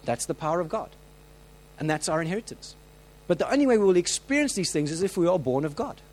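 A man preaching a sermon, telling stories with lively acted-out voices and frequent restarts. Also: sits high, fast, poor audio. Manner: animated storytelling, acts out quoted voices; many restarts and filler words.

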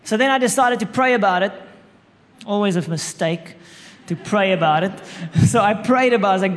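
A man's voice: high voice, normal speed. A man telling a humorous, self-mocking story about his marriage to an audience. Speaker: speaker sharing a marriage story. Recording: echoey hall.

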